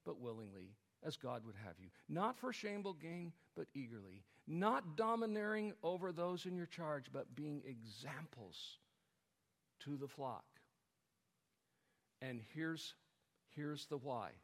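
Man preaching in church, kinda high voice, long hall echo. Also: expressive, unhurried, creaky. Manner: preaching with swelling emphasis, addressing the congregation. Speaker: pastor. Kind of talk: sermon. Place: church sanctuary.

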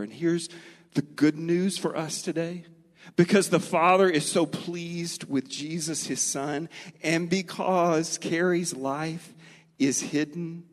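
A middle-aged man preaching a sermon, earnest and storytelling, slowing and speeding up for emphasis. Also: fairly high pitch. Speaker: pastor. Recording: long reverb of a large hall.

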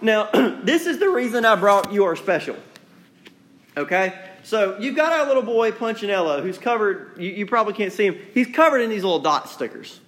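A man's voice: high-pitched, lively intonation, brisk, a bit bright, roomy sound. A male preacher, giving a conversational sermon full of rhetorical questions. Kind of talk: sermon with storybook reading.

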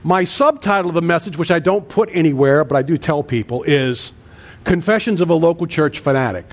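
A man's voice: a little high, expressive, a little fast. A man in his sixties, a pastor preaching a sermon with an earnest cadence and emphatic repeated lists. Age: 60s.

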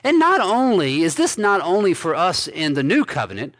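A man pastor preaching an expository sermon, reading scripture aloud and commenting on it with emphatic stresses and quiet endings. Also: sits high, sing-song, normal speed. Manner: emphatic preaching, swinging between loud stresses and dropped soft endings.

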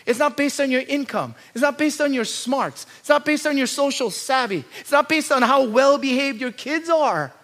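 A male pastor preaching with a high, bright voice. He drops into low, quiet asides, then climbs into loud, urgent pleading. He asks question after question and stacks repeated lines. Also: normal speed, few pauses. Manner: rhetorical questions and repeated lists. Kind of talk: sermon.

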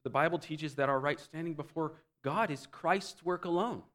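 Preaching man with a higher pitch. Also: moderate pace. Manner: explanatory, with wide swings between loud emphasis and quiet low asides. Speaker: pastor. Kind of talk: sermon teaching.

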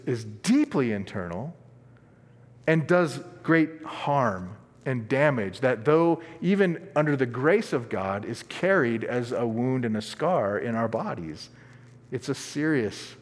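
A man preaching a sermon as pastor, earnest and emphatic, dropping from strong stress to quiet asides. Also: medium pitch, very animated, slow. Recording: long reverb of a large hall.

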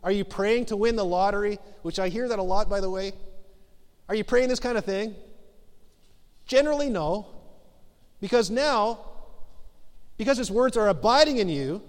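A man's voice: high voice, normal speed, long pauses. A middle-aged married man, a pastor giving a conversational sermon, joking at himself and then pressing his point with urging. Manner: conversational, self-deprecating, rises to emphatic exhortation. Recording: long reverb of a large hall.

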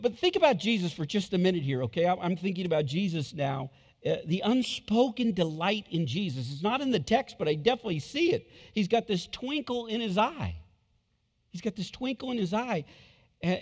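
A man's voice: high voice, big pitch swings, brisk. A man preaching a sermon as pastor, emphatic and repeating his points, acting out quotes from scripture. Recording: long hall reverb.

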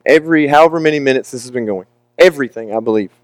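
A man's voice: mid-range voice, rapid-fire, dry recording. A young man preaching a candid, emotional, confessional sermon with casual asides.

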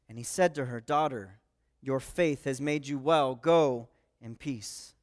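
A man gives a sermon, walking his listeners through a passage of scripture. His voice sits high and sounds smooth and resonant. He talks in an earnest, conversational way. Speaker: pastor. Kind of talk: expository sermon.

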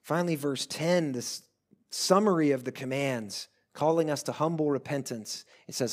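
A male pastor preaching a sermon earnestly, swelling loud at times and dropping to hushed pleas. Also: a little high, normal speed.

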